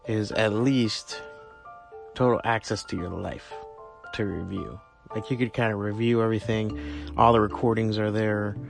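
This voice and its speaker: A man's voice: on the low side, creaky. A man hosting a podcast on his own, talking in a rambling, profane, casual way with lots of fillers. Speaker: podcast host. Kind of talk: casual solo monologue.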